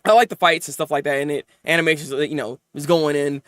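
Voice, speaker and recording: A man reviewing anime episodes in casual, animated chat, venting and rambling as he goes. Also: a little high, no echo. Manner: animated, rambling, quick to vent.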